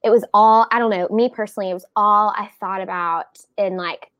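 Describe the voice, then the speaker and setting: A young woman, a blogger, chatting as a podcast guest, talkative and quick to laugh, with trailing asides. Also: mid-range voice, fairly even intonation, clean tone, no room sound, lo-fi sound. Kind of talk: casual chat.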